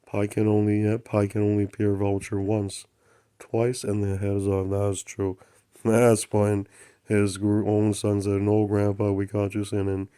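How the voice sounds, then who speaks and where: Measured in pace and clean in tone, a man with a fairly low, monotone voice hosts his own channel. His spiritual story rambles in broken grammar with affirmations repeated like a chant, punctuated by soft unvoiced murmurs.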